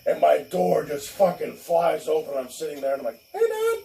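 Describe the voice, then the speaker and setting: Guy w a raspy voice swearing thru a funny story, kinda far from the mic, roomy echo. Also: fairly high pitch, fairly quick, dark tone. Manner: swearing, laughing, acts out voices in his story. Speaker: co-host. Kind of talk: casual storytelling. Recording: echoey room, far from the mic, faint noise.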